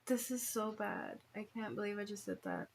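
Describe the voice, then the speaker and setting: A woman's voice: medium pitch, huge pitch swings, normal speed, vocal fry. A woman vlogging casually to her viewers, dismayed and laughing through her frustration. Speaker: crafting vlogger.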